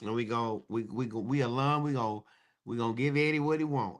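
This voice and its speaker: A middle-aged man, hosting a casual live-stream chat and joking sarcastically with sudden excited high bursts. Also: brisk. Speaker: host.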